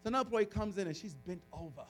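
A man with a high voice preaches to his congregation. He tells a personal story in a lively, animated way. He often restarts his phrases and breaks into laughter. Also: very fast, faint music behind. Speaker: pastor. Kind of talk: storytelling sermon.

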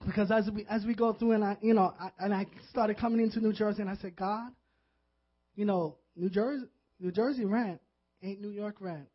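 A man, a pastor, preaching a sermon with earnest, animated delivery that builds into fervent emotion. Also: sits high, brisk. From Puerto Rican background. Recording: dull lo-fi audio.

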